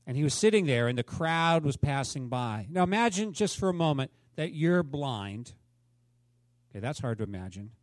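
Male pastor, conversational sermon, questions to the congregation, fairly high voice, dry sound. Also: animated, normal speed, dry recording.

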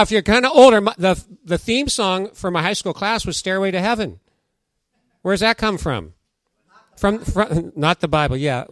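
A middle-aged man delivers a sermon in a relaxed, conversational way, reading scripture aloud and joking with his listeners. His voice sits a little high for a man. The sound is close and dry. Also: no echo. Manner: chatty, jokes with the congregation, reads scripture aloud. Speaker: pastor.

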